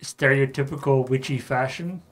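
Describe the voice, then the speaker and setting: A man's voice: mid-range voice, fairly even intonation, normal speed. Hesitant man floating questions. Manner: thoughtful, hesitant, poses questions. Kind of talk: casual brainstorming chat.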